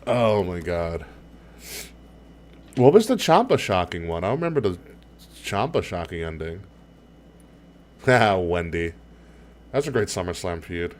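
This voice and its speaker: A man with a fairly low voice co-hosts a casual podcast. He talks in excited, rambling bursts, swears freely and breaks into laughter often. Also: a little slow, long pauses. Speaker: podcast co-host. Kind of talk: casual chat.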